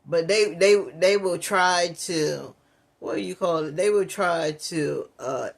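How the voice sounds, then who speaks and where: Man, reaction host, a bit high-pitched, casual, mocking, talks to viewers. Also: a bit bright. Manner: mocking, laughs at the clip, addresses viewers as y'all. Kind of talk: reaction commentary.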